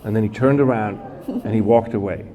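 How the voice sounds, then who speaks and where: A man in his fifties from Switzerland, telling a personal story as a guest speaker, halting and correcting himself with many fillers. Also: fairly low pitch, a crowd in the background. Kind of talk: storytelling talk. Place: church event hall. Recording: long hall reverb.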